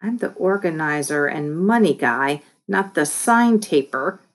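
Woman doing a squeaky indignant kid, whiny, pitch jumps up high. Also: expressive, unhurried, exaggerated voice. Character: clever young boy friend, sulky.

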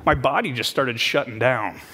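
A man telling a funny story from his own life in a sermon, self-mocking and animated. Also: mid-range voice, moderate pace, slightly rough. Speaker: preacher. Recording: hall reverb with faint background noise.

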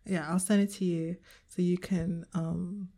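A woman co-hosting a casual podcast chat, laughing easily in relaxed banter. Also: lowish voice, unhurried. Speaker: podcast co-host.

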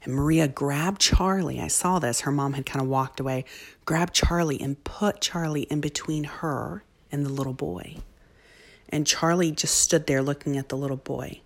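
A woman with a low voice tells a story as a mother, in a relaxed, chatty way. She turns animated at times, then drops to soft near-whispers. Her talk stays warm and personal. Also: normal speed. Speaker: mother telling a parenting story. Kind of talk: casual storytelling monologue.

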